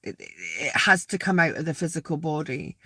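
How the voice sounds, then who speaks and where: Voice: mid-range voice, very animated, normal speed, bright, forceful tone, breathy edge, no echo, clean studio sound. A spiritual vlogger sitting outdoors in a graveyard, rambling casually to viewers, repeating words and asking them questions.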